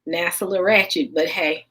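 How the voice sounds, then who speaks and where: Lively Southern woman hosting a livestream. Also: on the high side, a little hiss or hum, poor audio. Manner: lively, folksy, quick to laugh. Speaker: livestream host. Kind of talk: casual late-night livestream chat.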